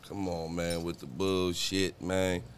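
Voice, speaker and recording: A man's voice: low-pitched, flat delivery, slow, a little hiss or hum. A man telling a story in casual podcast chat, laid-back and profane. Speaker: guest.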